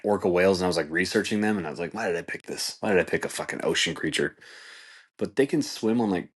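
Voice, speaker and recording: A man hosting a podcast, telling stories in a laid-back, rambling way, swearing freely and filling his talk with "like" and "dude". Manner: acts out voices in quoted speech, jumping far higher. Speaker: podcast host. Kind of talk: casual storytelling monologue.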